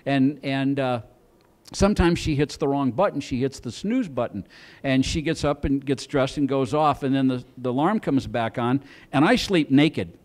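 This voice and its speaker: A man's voice: medium pitch, normal speed. A middle-aged man doing stand-up on a comedy club stage, telling a long rambling story, stumbling over repeated words and acting out the lines of the people in it.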